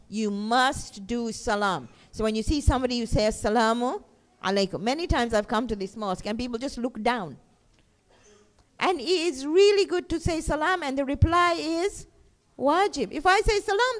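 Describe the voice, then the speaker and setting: A middle-aged woman teaching a children's class in a mosque, lively, asking the children questions and answering them herself. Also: a little high, normal speed.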